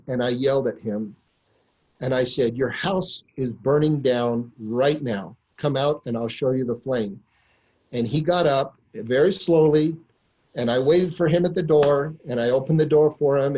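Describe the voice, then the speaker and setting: Guy telling a story on a webinar, earnest, average pitch, drags out the big words. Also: darkish tone, poor audio. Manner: earnest storyteller, slows to stress key words. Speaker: webinar speaker.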